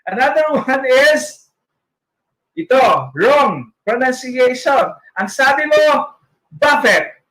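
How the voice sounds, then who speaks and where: A man's voice: very high-pitched, lively intonation, slow, fairly bright tone, low-quality recording. A man with a Filipino accent leading a literacy training session, modeling sounds with exaggerated articulation and a playful, joking manner. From Philippines. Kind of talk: online training lecture.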